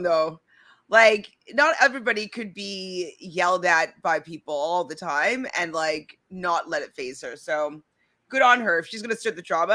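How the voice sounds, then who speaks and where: A woman co-hosting a casual reality show recap, chatty and animated, with lots of likes and restarts. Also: fairly low pitch.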